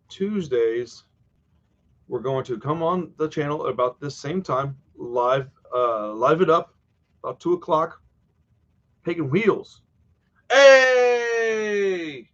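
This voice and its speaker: A man's voice: medium pitch, measured pace, long pauses, highs cut off. A man hosting a horror live stream, chatting casually and wandering off topic from home. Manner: rambling, easily sidetracked, chatty.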